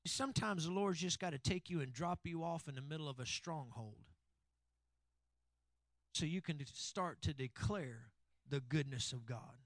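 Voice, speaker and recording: A man's voice: on the high side, moderate pace, no echo. A male pastor preaching a sermon, calling out to the congregation. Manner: preachy call-and-response with congregation.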